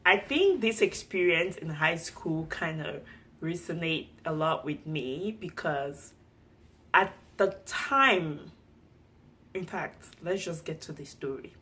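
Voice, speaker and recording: A young woman with a Cameroonian accent tells a story to camera with animated expression. Her voice sits on the lower side for a woman. She delivers it as a lively, chatty storytime vlog. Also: slow pace. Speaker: vlogger.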